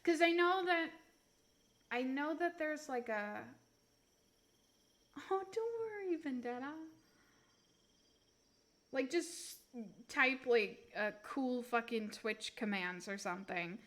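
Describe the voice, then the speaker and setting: A young woman chatting casually with her chat while reading tarot on a live stream, relaxed and swearing offhand. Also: a little high, slow pace.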